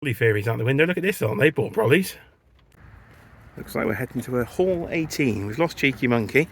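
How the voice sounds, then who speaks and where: A man's voice: medium pitch, animated, a little fast, breathy edge. An English man hosting a casual road-trip vlog, giving chatty, wry running commentary from a car and then outdoors. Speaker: vlog host. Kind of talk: casual travel vlog narration. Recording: loud road and traffic noise.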